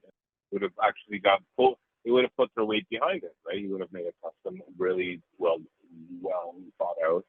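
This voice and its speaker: A man talking in a casual interview, animated, rambling and profane. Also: low voice, a little fast, slight background noise. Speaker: interview guest. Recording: dry, tinny phone-like line.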